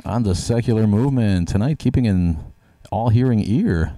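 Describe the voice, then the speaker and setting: A man's voice: on the low side, animated, normal speed, mellow, dry recording. A man hosting a live talk show, opening with showy announcer phrasing and then joking playfully with his guest. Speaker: show host.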